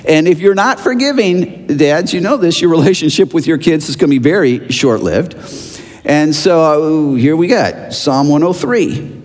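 A middle-aged man from Chicago preaching a sermon as pastor, telling stories in a relaxed, conversational way with fillers. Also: a little high, moderate pace. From Chicago, USA. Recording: long reverb of a large hall.

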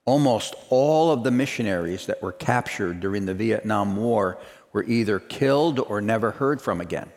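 A man's voice: fairly low pitch, lively intonation, moderate pace, darkish tone. A man preaching a sermon, telling a story and then building to emphatic, repeated declarations. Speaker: pastor. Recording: reverberant hall.

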